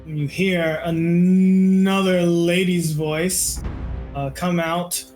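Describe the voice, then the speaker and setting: A man's voice: high-pitched, little pitch movement, extremely slow, darkish tone. A man running a tabletop game as game master, laughing often as he narrates. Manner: laughing often, voices bandits. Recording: echoey room, faint music.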